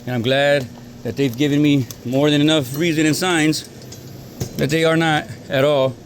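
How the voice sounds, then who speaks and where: Filming on his phone inside a store, a man with a higher-pitched voice argues as an employee in an agitated, repetitive way during a workplace confrontation. There is slight background noise.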